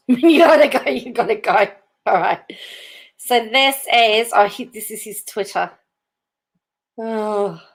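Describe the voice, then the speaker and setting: A woman's voice: a little high, animated, takes it slowly, pauses often. A woman hosting her channel, reading news articles aloud in casual commentary, often breaking into giggles and chatty asides to viewers. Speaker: channel host.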